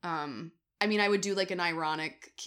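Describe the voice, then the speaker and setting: A woman co-hosting a podcast in casual chat, giggly and animated, with lots of likes and ums. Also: lowish voice, normal speed. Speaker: podcast co-host.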